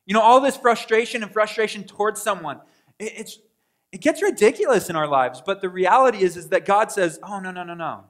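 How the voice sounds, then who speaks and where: A male pastor with a notably high voice preaches to his congregation in a conversational style. He keeps asking rhetorical questions and voices his own prayers aloud. His delivery moves between hushed asides and sudden loud bursts. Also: animated, a little fast. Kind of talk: sermon.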